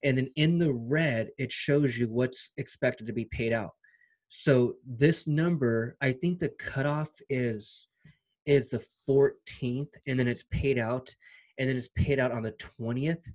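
A young man vlogging about his online side income in an excited, repetitive, slangy pep-talk style. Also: mid-range voice, measured pace. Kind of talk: energetic motivational vlog talk.

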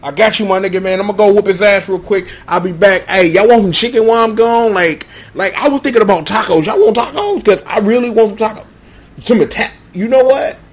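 A man's voice: sits high, expressive, a little fast, a little hiss or hum. A man playing a laid-back, eager-to-help hero. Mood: easygoing. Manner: easygoing street slang.

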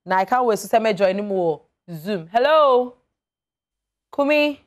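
A woman hosting a radio call-in show, chatting with callers and reading listeners' messages, lively and quick to laugh. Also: mid-range voice. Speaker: radio talk show host.

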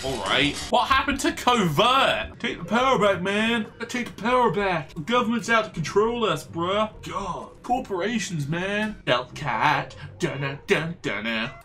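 A high, very bright man's voice that swings all over the place, streaming a game and riffing on it as he plays. He bounces between silly jokes, mock outrage and a lot of swearing as he talks back at the characters, and faint music plays underneath. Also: animated, unhurried, hardly any pauses. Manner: playful, sweary, joking banter with game characters. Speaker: gaming streamer. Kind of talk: let's play commentary. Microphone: desk mic for streaming.

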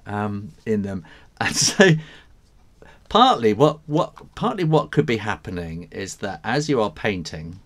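Chatty English man with lively pitch. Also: a little slow. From England. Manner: chatty, reads out viewer comments, laughs often. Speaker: illustrator hosting a live drawing stream. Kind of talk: casual live-stream chat.

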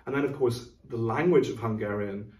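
A man's voice: mid-range voice, a little fast, a little mellow, far from the mic. A middle-aged man, an orchestra's music director, explaining a program in a thoughtful, casual chat. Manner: thoughtful, explanatory, sings rhythms aloud. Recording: roomy, from off mic.

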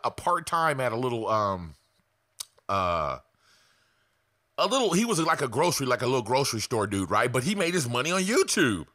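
A man's voice: medium pitch, bright, forceful tone, no room sound, clean studio sound. A man giving casual, blunt sales coaching to camera, swearing freely.

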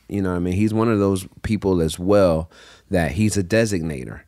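A man who is a podcast guest, telling animated stories in casual chat and laughing often. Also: sits low, normal speed, dry recording, clean studio sound.

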